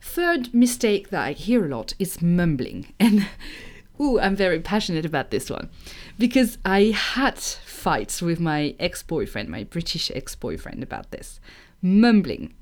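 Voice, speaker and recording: A woman's voice: lowish voice, very animated, a little slow, darkish tone. French-accented woman teaching pronunciation. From France. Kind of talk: online language lesson.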